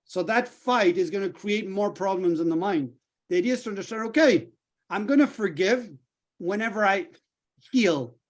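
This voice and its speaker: A middle-aged man coaching a group in a lively way, acting out little dialogues as he explains. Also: sits high, moderate pace. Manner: animated, acts out little dialogues. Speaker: healing coach.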